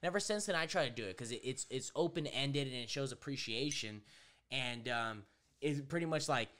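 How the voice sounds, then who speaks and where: Profane, animated young man telling stories. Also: mid-range voice, fairly quick. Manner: profane, animated storyteller, acts out voices. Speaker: podcast co-host. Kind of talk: casual podcast chat.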